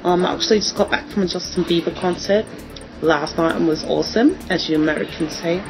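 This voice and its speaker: A woman's voice: lowish voice, a little fast, a little mellow, faint music behind, close to an everyday voice, low-quality recording. A woman in her twenties putting on a British accent, voicing a chirpy young woman chatting with her dog for an accent demo. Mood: cheerful. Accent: put-on British. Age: 20s.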